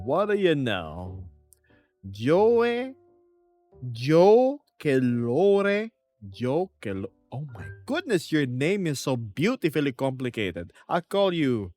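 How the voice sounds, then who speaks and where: A man, streaming from home and reading viewer comments aloud in a playful, chuckling way. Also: mid-range voice. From Philippines.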